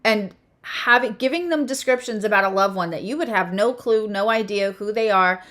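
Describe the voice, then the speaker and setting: A woman hosting a relaxed spiritual talk as an astrologer and tarot reader. Her voice sits at a mid pitch, and her delivery is expressive and emphatic, with quick restarts as she works through her thoughts. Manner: animated and emphatic, restarts phrases. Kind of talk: casual spiritual chat.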